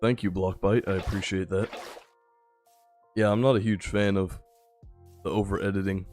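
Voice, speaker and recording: A tired young man giving relaxed, rambling live-stream commentary while he plays, chatting with his viewers. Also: low-pitched, moderate pace, faint music behind. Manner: laid-back, rambling, chats with viewers. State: a little tired. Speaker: gaming streamer.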